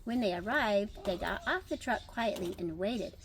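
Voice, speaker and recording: A woman's voice: medium pitch, lively intonation, slight background noise. Older woman reading a storybook aloud. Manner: chatty, pausing to comment and wonder aloud. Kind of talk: children's picture-book read-aloud.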